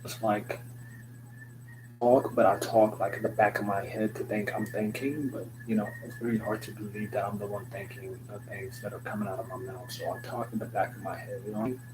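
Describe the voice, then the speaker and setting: A young vlogger rambles through a joking, slangy, stream-of-consciousness video, swearing loosely. His voice is on the low side and steady, and he talks a little fast. A noticeable hum runs in the background.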